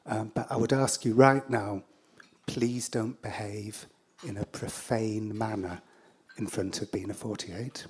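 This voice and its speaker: A man's voice: fairly low pitch, fairly even intonation, slightly rough. An English man doing a solemn, fussy caretaker. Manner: slow, solemn, overly polite. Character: fussy, formal male robot caretaker.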